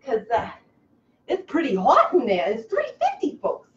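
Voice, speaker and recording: A woman hosting a comic live cooking show from a kitchen, over-the-top excitable, breaking into squeals and gushing. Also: high-pitched, moderate pace. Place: home kitchen. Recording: echoey kitchen, slightly dull, faint hiss.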